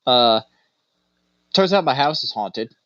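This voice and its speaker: A man's voice: medium pitch, lively intonation, slow, bright, forceful tone, no echo. A man co-hosting a podcast in casual chat, a loose, rambling storyteller who laughs often. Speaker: podcast co-host. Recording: dry, slightly dull recording.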